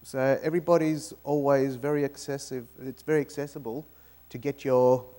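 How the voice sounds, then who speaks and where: A man with an Australian accent giving a guest talk in a university auditorium and telling jokes in a lively, storytelling way. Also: medium pitch, normal speed. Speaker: guest speaker. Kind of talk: informal talk with joke-telling.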